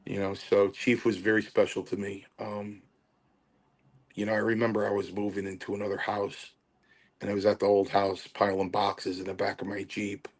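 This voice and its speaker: An older former wrestler shares stories as a podcast guest. His voice sits low, and his sentences stop and restart often, with many fillers in between. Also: completely flat delivery, normal speed. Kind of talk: podcast interview storytelling.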